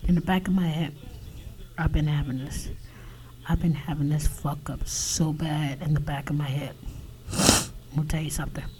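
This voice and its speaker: A man talking alone on his podcast in a halting confessional monologue, often dropping to a whisper and swearing. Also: a little high, mellow, low-quality recording. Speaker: podcast host.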